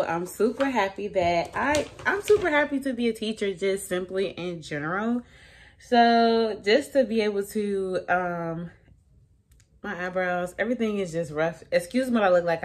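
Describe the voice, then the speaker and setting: A chatty woman vlogs casually as a teacher, with slangy asides and frequent laughs. Her pitch sits at a middle level for a woman. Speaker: elementary school teacher. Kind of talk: casual vlog.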